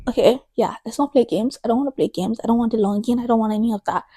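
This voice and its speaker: A woman's voice: a little high, quick pace, mellow, slightly rough, no echo. A woman in her thirties chatting in a book vlog, emphatic and exasperated, repeating herself for effect. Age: 30s. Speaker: book vlogger.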